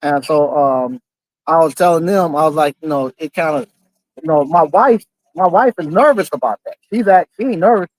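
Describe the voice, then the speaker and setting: A man's voice: a little high, expressive, no room sound, poor audio. A man talking casually to camera as a vlogger, earnest and determined, often chuckling, with many fillers and restarts. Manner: halting, full of fillers and restarts.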